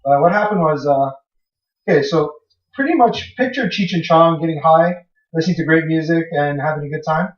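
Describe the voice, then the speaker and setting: Young male co-host, slightly high voice, loose swearing storyteller; dull lo-fi sound, distant from the mic. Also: a little fast. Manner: rambling, swears freely, acts out his own past lines. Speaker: podcast co-host. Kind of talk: casual storytelling. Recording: echoey room, far from mic, dull lo-fi.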